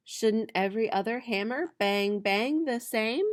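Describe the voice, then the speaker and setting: A young woman teacher reading a picture book aloud to her students, playfully voicing the animal and object sounds. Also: fairly high pitch. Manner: slow, playful reading with bright, loud animal-sound imitations.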